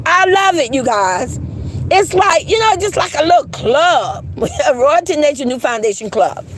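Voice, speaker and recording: A woman's voice: high voice, very animated, moderate pace, slight background noise. A woman hosting a casual livestream, blunt and profane, greeting her chat. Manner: blunt, profane, laughing, reads chat aloud. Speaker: livestream host.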